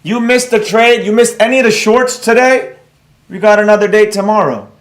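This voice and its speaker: A man teaching a live trading class, blunt and excitable, rambling off on tangents while reading viewers' comments and scolding them. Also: high voice, moderate pace, echoey room.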